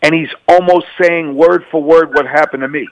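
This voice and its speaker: A man's voice: on the high side, normal speed, no echo, rough recording. A middle-aged man, a former police officer, giving personal testimony in an interview and acting out remembered dialogue with energy. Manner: animated, acts out remembered dialogue.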